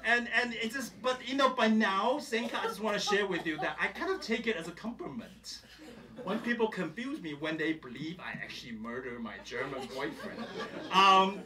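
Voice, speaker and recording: A man, an author at a reading event, telling an animated, laughing story and reading a passage aloud. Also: high-pitched, moderate pace, a crowd in the background. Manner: animated, acts out quoted voices with laughter. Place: event hall. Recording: distant mic with faint room noise.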